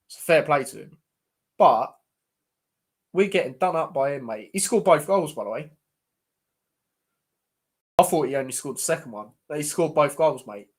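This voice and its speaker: A young man hosting a live football watchalong as a fan, chatty and exasperated, calling his viewers "mate" constantly. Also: mid-range voice.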